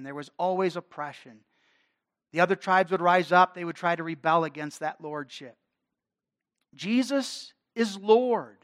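A man preaching a sermon, his delivery swelling and dropping in force. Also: high-pitched. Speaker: pastor.

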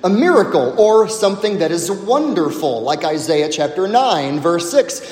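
A man, a pastor preaching a sermon, who speaks emphatically with slow, dramatic pauses and drops to a low hush on key words. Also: big pitch swings. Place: church sanctuary. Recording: echoey hall with long reverb.

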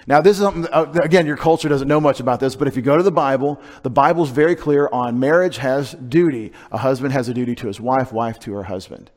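A man's voice: medium pitch, fast, few pauses, darkish tone. A male pastor, preaching a conversational sermon with joking asides to his congregation.

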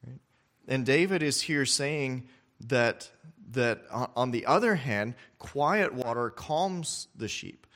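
A man preaching a sermon in a conversational way, often checking in with the listeners with quick questions and repeating words as he restarts his phrases. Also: medium pitch, expressive, fairly bright tone. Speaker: pastor.

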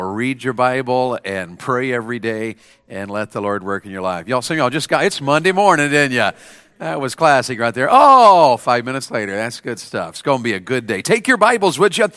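A man's voice: medium pitch, a bit bright, no room sound, studio quality. A man preaching a chapel sermon. He keeps quizzing and coaxing the congregation to answer him. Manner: call-and-response, coaxing the audience to answer. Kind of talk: lively sermon to students.

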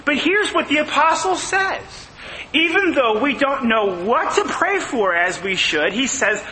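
A man's voice: extremely high pitch, sharp tone. A man preaching a sermon, emphatic and full of rhetorical questions. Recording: long hall reverb, faint noise.

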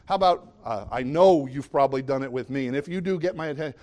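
A man's voice: mid-range voice, fast talker, darkish tone. A middle-aged man preaching a sermon in a conversational way, often asking the listeners questions. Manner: conversational, asks the audience questions.

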